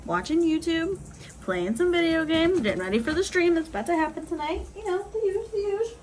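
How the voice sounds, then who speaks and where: A woman's voice: very high-pitched, sing-song, a little fast, slight background noise, low-quality recording. A young woman chatting casually on a home vlog, swearing, laughing and ranting about her cat and her neighbors, filmed on a phone. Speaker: vlogger. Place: home, bathroom and office.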